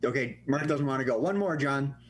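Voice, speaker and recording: A man hosting an improv comedy show, playful and quick to laugh. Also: mid-range voice, husky. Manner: laughs often, lively and playful. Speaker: host.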